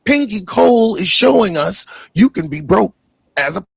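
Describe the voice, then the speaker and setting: A man's voice: high-pitched, lively intonation, normal speed, vocal fry, slightly rough, no room sound, clean studio sound. A man, hosting a reaction show, talking in a casual, mocking way and swearing freely. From the Bronx, New York. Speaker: host reacting to an interview.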